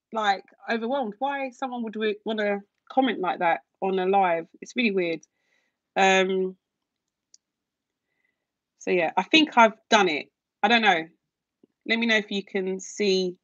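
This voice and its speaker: A woman's voice: fairly high pitch, fairly bright tone, dry recording, highs cut off. A young woman chatting casually on a livestream, gushing and using lots of fillers as she answers viewer comments. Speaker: YouTube livestream host and shop owner.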